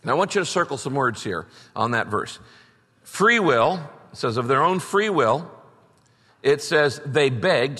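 A man's voice: mid-range voice, a bit bright. Emphatic preaching man in a big hall. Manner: emphatic preaching with rising bursts. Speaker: pastor. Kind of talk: sermon. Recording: long reverb of a large hall.

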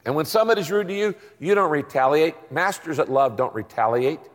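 A male pastor preaching a sermon to his congregation, lively and animated, fond of catchy rhymes and questions to the crowd. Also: on the high side, brisk, big-room sound. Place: large church hall.

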